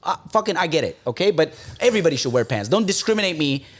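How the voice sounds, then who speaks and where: A man's voice: fairly high pitch, sing-song, quick pace. A man in his thirties, a podcast guest, telling a story in casual slang with lots of swearing and bits of Armenian mixed in. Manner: swears freely, slangy, mixes in Armenian phrases. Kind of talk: animated storytelling with quoted voices.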